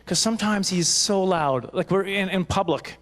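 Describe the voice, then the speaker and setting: A man's voice: high-pitched, moderate pace. A man performing a rambling, self-mocking stand-up comedy set at a banquet, jumping into silly voices. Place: banquet hall stage.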